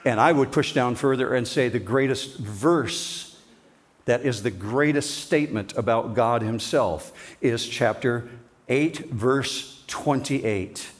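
A pastor preaching a sermon, emphatic, swinging between forceful declarations and hushed, slowed lines. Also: male voice, medium pitch.

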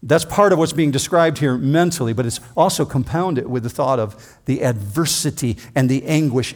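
A man preaching an expository sermon, reading scripture dramatically and slowing down to stress key phrases. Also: mid-range voice.

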